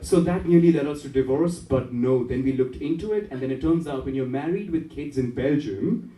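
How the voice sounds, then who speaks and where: A man's voice: mid-range voice, brisk, very noisy. A man from India performing a standup comedy set, playful and often laughing at his own jokes. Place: comedy night in a café. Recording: roomy club with a distant mic.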